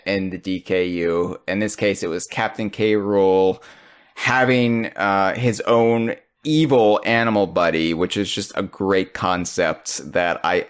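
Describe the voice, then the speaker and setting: Lowish smooth-voiced man hosting a podcast. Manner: joking, jumps into high excited bursts. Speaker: podcast host. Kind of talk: casual podcast chat.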